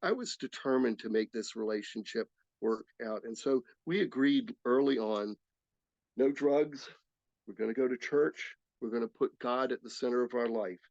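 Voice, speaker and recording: Gravelly older man telling his story. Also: medium pitch, a little mellow, no room sound. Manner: earnest, halting storytelling with restarts. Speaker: speaker sharing his recovery story. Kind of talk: personal testimony talk. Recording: slightly dull, dry recording.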